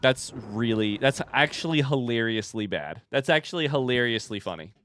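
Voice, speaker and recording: A man streaming a video game live, giving excitable, jokey commentary with plenty of swearing. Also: mid-range voice, moderate pace, dry recording.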